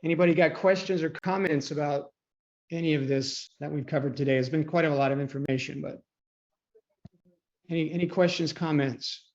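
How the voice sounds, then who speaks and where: A man with a fairly high voice runs a live online trading coaching call, chatting loosely and clearing his throat often. He keeps a steady tone and speaks a little fast, and the call audio comes through dull and lo-fi.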